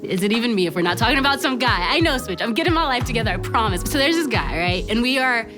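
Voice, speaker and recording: A young woman giving a casual youth talk, telling animated stories, laughing often and peppering her speech with "like" and "right?". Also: on the high side, fast, over music. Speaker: youth ministry speaker.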